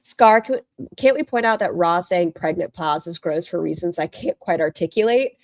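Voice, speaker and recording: A woman's voice: lowish voice, normal speed, darkish tone, dry recording, studio quality. A woman hosting a live stream, reacting to a clip with blunt, sarcastic commentary and frequent swearing. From northern United States near the Canadian border. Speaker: livestream host reacting to clips.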